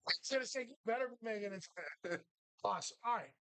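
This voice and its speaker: A man's voice: high voice, expressive, quick pace, fairly bright tone, no room sound. A man hosting a casual chat in a pub, telling profane, rambling stories.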